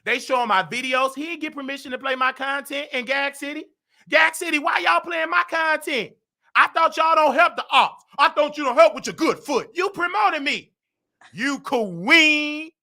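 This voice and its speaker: A Southern US man hosts a gossip show in a high, bright voice. He talks brashly and animatedly, hurling trash talk at his critics. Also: moderate pace. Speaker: show host. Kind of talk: loud gossip commentary.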